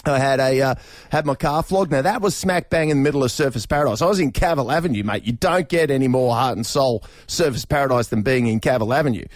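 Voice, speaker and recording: A man's voice: mid-range voice, fast talker, dry recording, clean studio sound. A middle-aged Australian man hosting a radio show, talking casually and rambling with many fillers and restarts. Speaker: radio host. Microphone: studio microphone.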